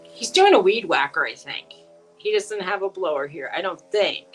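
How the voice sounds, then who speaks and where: A middle-aged woman hosting a casual live-stream chat with a friend, talking in a chatty, animated way. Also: lowish voice, moderate pace, faint music behind, poor audio. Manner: chatty and animated, swears and laughs easily. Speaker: channel host.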